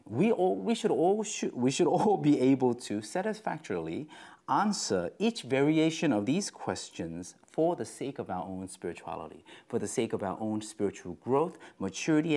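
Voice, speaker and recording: A man's voice: medium pitch, a little mellow. A man giving a casual Bible teaching in a conversational way, using lots of fillers, tag questions and shifting stress on his words. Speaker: devotional speaker.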